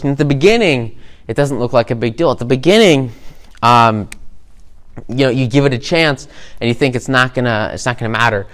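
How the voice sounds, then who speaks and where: Man, casual episode breakdown, smooth clear voice, rambling, relaxed and upbeat. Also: medium pitch. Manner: rambling, lots of fillers and repeated words. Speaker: host. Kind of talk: casual explanation of a cartoon episode.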